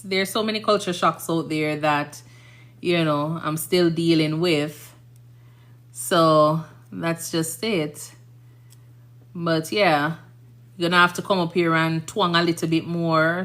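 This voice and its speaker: A Jamaican nurse hosts a livestream, chatting casually in a bright, forceful voice that sits fairly low. She rambles through her stories and keeps asking listeners, "you understand?"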